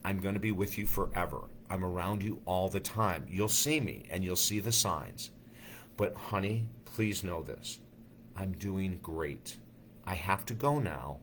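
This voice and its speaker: Gentle loving mother, as a man quotes her. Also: sits low, slight background noise. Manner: soft, hushed and tender.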